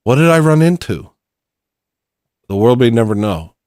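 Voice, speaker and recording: A man's voice: medium pitch, very animated, normal speed, darkish tone, no room sound, studio quality. A man hosting a livestream, chatting casually and joking as he thanks viewers for donations. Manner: rambling, jokey, reads out super chats. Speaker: livestream host.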